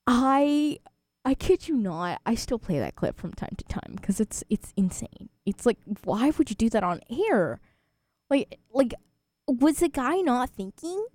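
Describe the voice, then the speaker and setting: A woman's voice: fairly high pitch, sing-song, measured pace, darkish tone, dry recording, studio quality. Chatty twenty-year-old woman radio host. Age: 20s. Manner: chatty, rambling, laughs often. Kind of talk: casual radio chat.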